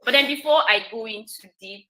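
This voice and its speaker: A woman begins her talk as the guest speaker on an online webinar. Her voice is bright and crisp, and her delivery is friendly and measured. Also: a little high, low-quality recording. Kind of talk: presentation.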